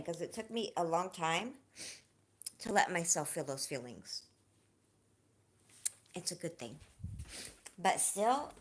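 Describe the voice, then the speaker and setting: On a casual livestream, a low-voiced woman opens up to her viewers in a heartfelt, confiding, warm way, then shifts to lively banter, laughing and joking with the chat. A faint hiss or hum sits under the recording.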